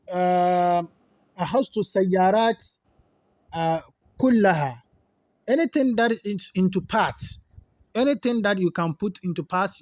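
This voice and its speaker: Man teaching a grammar lesson, high-pitched voice, dry sound, slow repeated examples. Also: no echo. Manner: explains Arabic terms in English, repeats examples slowly. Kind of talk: classroom lesson.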